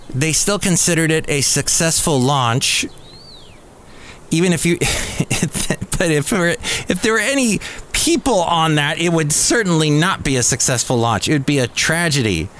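A man's voice: on the high side, fairly bright tone, slight background noise. A man hosting a podcast, talking through the week's news in a casual, conversational way. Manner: chatty, conversational storytelling. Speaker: podcast host. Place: cafe.

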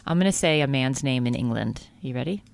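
A woman's voice: rumbling low, vocal fry. A woman co-hosting a comedy podcast, joking around, giggling often and teasing her co-host. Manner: giggly, animated, quick to tease. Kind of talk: casual comedic chat.

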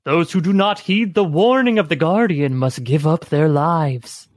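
A man reading the part of a grave old temple monk, speaking slowly and solemnly. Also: a little high, no echo, clean studio sound, lightly acted. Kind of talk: reading a story aloud with friends.

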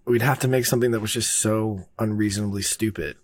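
Talking fast in a lowish, steady voice, a male filmmaker rambles through a long behind-the-scenes story. He's relaxed and casual, with plenty of fillers and swearing.

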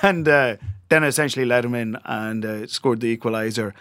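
A man's voice: medium pitch, brisk, fairly bright tone, no echo. A man from Ireland chats and tells a long story, stopping often on filler sounds and breaking into laughs. The sound is dry and close, with nothing around him. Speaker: podcast host. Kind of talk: casual chat.

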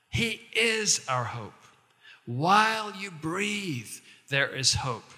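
A male pastor preaching a sermon in a conversational way, slowing down to recite verses and lines. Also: mid-range voice, big pitch swings, bright, forceful tone, in a large hall.

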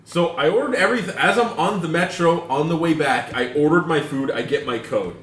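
A man's voice: a little high, expressive, a little fast, a bit bright. A man co-hosting a podcast, telling a profane, exasperated story in casual chat and putting on other people's voices. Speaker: podcast co-host. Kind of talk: casual chat, ranting anecdote. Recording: echoey room with faint noise.

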